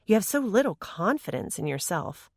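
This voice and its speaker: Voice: medium pitch, big pitch swings, normal speed, dry recording, clean studio sound, voice pushed up. A narrator voicing a teasing teenage girl in an audiobook.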